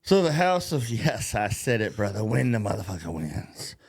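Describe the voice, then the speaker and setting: A man's voice: fairly low pitch, big pitch swings, normal speed, slightly rough. A man hosting a podcast in a casual political rant, profane and rambling, mocking, and laughing at his own jokes. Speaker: podcast host.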